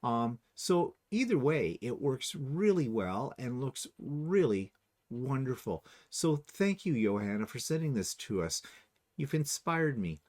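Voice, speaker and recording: A man's voice: mid-range voice, darkish tone. Chatty man hosting a quilting channel. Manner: chatty, rambling, self-correcting. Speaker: host. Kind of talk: casual chat.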